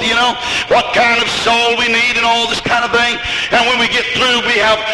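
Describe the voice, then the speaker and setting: A man preaching a sermon in a very high voice, climbing into shouted peaks and then dropping low. His plain country grammar and rhetorical questions carry through a long, booming hall reverb. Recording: echoey hall with noise.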